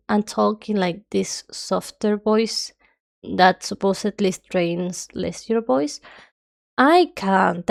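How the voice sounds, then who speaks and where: With a stuffy nose, a young woman streams herself drawing and keeps up a nonstop, chatty ramble she describes as yapping. She speaks at medium pitch with noticeable vocal fry.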